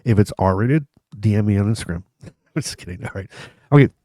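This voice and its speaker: A man in his fifties hosts his own vlog, telling jokes on himself in loose, meandering stories. His voice sits a little low, and he keeps breaking into chuckles and restarting sentences. The sound is dry and close, with no room around it. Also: brisk, mellow, no echo. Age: 50s. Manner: rambling, chuckling, self-mocking, many restarts. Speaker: vlog host. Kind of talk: casual humorous storytelling to camera.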